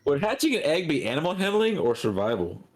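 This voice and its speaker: A man's voice: fairly high pitch, big pitch swings, fast. A man playing a tabletop game, giggling and hesitating as he describes what his character does. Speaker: player. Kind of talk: casual tabletop game play.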